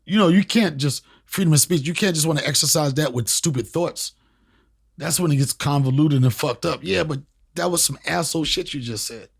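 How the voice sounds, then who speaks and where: A man, a comedian and podcast host, telling a story in a casual interview with emphatic, profane, animated talk. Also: fairly high pitch, a little fast, vocal fry, slightly rough. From Washington, D.C. area. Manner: animated, profane, emphatic, repeats phrases for punch.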